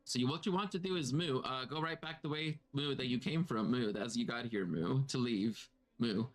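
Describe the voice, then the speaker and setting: A man's voice: mid-range voice, normal speed, lightly acted. Man doing a mooing cow-folk creature. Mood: wary, polite. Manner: mooing between phrases, questioning. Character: cow-folk creature, male, nervous and polite. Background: tavern music.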